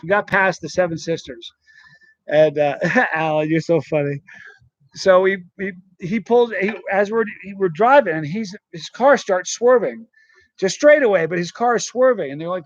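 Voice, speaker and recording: A man hosting a live stream, telling a story in a lively, laughing, casual way. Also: high-pitched, no room sound, highs cut off. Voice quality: animated, quick to laugh. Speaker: host.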